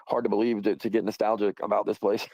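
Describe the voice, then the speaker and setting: A man's voice: fairly low pitch, level tone, brisk, darkish tone, no room sound, low-quality recording. A man hosting a livestream, talking in a rambling, profane, casual way and laughing often. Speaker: livestream host.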